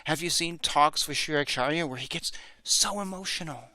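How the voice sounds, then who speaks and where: Middle-aged male host, bright and forward, rambling candid commentary, dry close mic. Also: fairly high pitch, moderate pace, no echo. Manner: candid, rambling, with frequent restarts and fillers. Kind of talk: casual reaction commentary.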